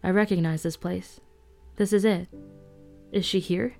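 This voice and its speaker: A woman voicing a tired, worried young man who speaks quietly and earnestly. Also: on the low side, steady tone, unhurried, vocal fry, soft background music.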